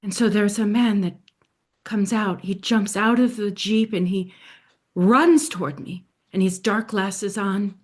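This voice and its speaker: A woman telling a dramatic story in the first person, speaking in a hushed voice that often sinks to a soft near-whisper. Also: medium pitch, a little slow.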